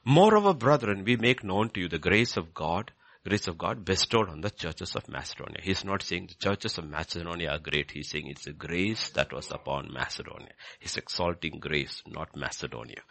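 A man preaching a sermon, animated and repetitive, building to emphatic peaks. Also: deep voice, normal speed, vocal fry, no echo.

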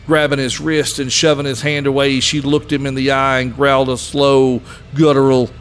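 A man narrating a scripted story in a steady, even way. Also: mid-range voice, moderate pace, a little hiss or hum.

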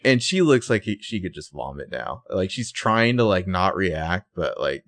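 A man co-hosting a casual recap chat, animated and sarcastic, jumping into high, loud voices when quoting characters. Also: normal speed, no room sound. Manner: profane and sarcastic. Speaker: podcast co-host.

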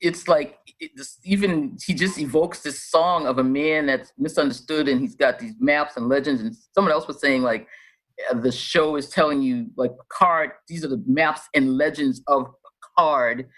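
A woman in casual chat who laughs often and talks in a lively, playful way. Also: low voice, normal speed.

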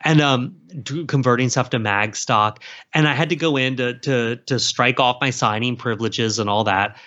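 A man's voice: medium pitch, normal speed. Rambling man, lo-fi. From South Carolina. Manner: rambling, animated, many fillers and restarts. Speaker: author guest. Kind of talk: casual interview chat. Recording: slightly dull lo-fi sound.

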